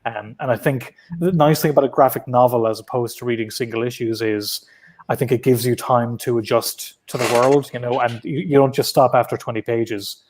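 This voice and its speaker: A man's voice: mid-range voice, fairly even intonation, a little fast, darkish tone. Chatty Irish man on a video call. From Ireland. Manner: chatty and loose, with many restarts and filler words. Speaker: guest comic writer. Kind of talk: casual interview over video call. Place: his apartment at home. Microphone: laptop on a video call.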